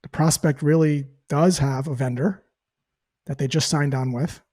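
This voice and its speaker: A man's voice: on the high side, fairly even intonation, moderate pace, a little mellow. A man who works as a sales trainer, answering interview questions in a teaching tone and acting out sample call lines. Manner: explains with acted-out call examples.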